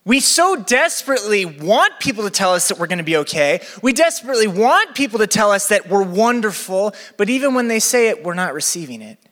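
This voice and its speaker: A young man preaching a sermon as campus pastor, chatty and energetic with a live crowd. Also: sits high, a little fast, hardly any pauses. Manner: energetic, chatty, acts out quotes. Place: church venue with balcony. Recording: long hall reverb.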